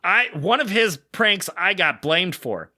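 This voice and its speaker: Podcast guy rambling through a story, lots of likes, bright voice, super dry close mic. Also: high-pitched, big pitch swings, slow, no echo. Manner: rambling, many "like" fillers, acts out quoted voices. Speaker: podcast co-host. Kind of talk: casual storytelling.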